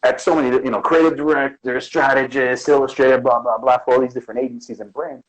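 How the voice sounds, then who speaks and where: The recording is low quality, and the man talks fast at a medium pitch. He's a Bronx, New York guest artist in a casual interview, bringing his stories to life by performing the quoted lines.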